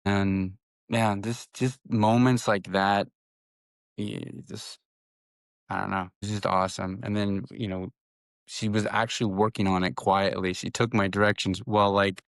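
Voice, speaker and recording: A man in his thirties co-hosts a casual podcast chat, telling a story in a loose, rambling way full of restarts. His voice sits low. The sound is dry and close, with no room around it. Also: flat delivery, a little slow, gravelly, no room sound. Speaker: podcast co-host.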